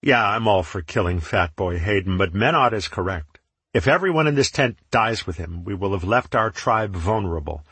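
A man's voice: lowish voice, expressive, normal speed, fairly bright tone, slightly rough, no echo. A man voicing a brash, blunt warrior who speaks in a slightly raised voice.

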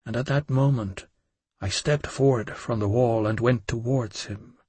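A man reads a dark first-person story in a measured, intense audiobook narration. His voice sits at a middle pitch with a husky, breathy edge. The sound is dry and close, with no room around it. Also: dry recording.

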